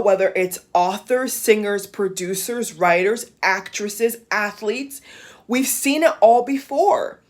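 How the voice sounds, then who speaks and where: A woman giving impassioned vlog commentary, emphatic and blunt, repeating phrases for emphasis and swearing. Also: medium pitch. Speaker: YouTube commentator.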